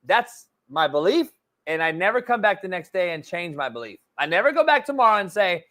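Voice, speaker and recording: A man's voice: high voice, sing-song, a little fast, sharp tone. A man hosting a sports talk show, arguing bluntly and with profanity, repeating himself to take the floor. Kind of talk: heated sports debate.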